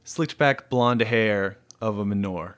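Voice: medium pitch, slow. A game master describing the scene of a tabletop game, a bit hesitant.

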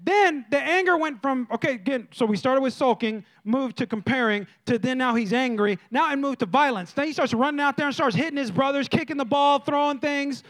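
A man with a strikingly high voice preaches to his congregation. He tells stories in a lively way and talks straight to the people in front of him. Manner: lively storytelling preacher, addresses the congregation directly. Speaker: pastor. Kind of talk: sermon. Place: church.

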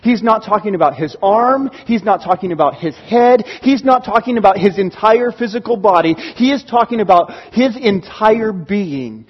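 A pastor with a high, slightly husky voice delivers a storytelling sermon, animatedly acting out his exclamations at normal speed with few pauses. Recorded in a church sanctuary, the audio is dull and lo-fi, each phrase trailed by long hall reverb.

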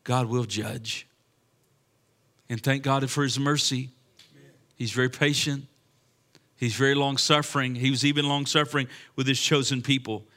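A man's voice: mid-range voice, little pitch movement, normal speed, bright, forceful tone. A man preaching a sermon with impassioned delivery and frequent restarts. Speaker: pastor.

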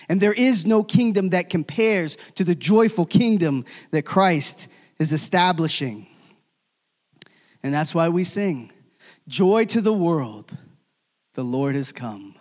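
Preaching man with hall reverb. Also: sits high. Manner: swings from loud emphatic calls to hushed, near-whispered endings. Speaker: pastor. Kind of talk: sermon.

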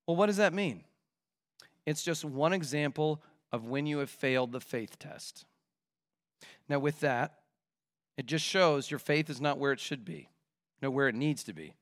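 High-voiced man preaching a sermon. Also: lively intonation, measured pace, long pauses, fairly bright tone. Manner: emphatic, with rhetorical questions. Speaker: pastor. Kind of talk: expository sermon.

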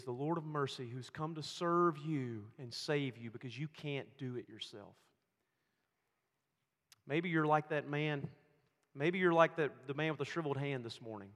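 A man preaching a sermon, swinging between loud emphatic lines and hushed, quiet storytelling. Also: mid-range voice. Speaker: pastor. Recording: long hall reverb.

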